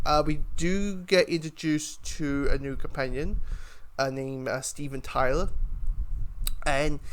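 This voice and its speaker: Rambling man, a bit high-voiced. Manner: rambling, lots of fillers and restarts. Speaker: TV episode reviewer. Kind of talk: casual spoken review.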